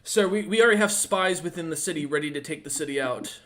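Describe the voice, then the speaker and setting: A man's voice: on the high side, quick pace, sharp tone. A man voicing a scrawny young male orc messenger who stammers and speaks with anxious deference. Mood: nervous. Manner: breathless, stammering, overly deferential.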